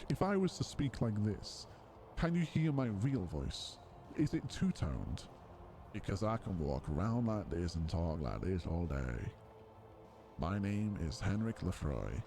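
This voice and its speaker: A man voicing a deep, calm male storyteller narrator, slow and measured. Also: noisy background.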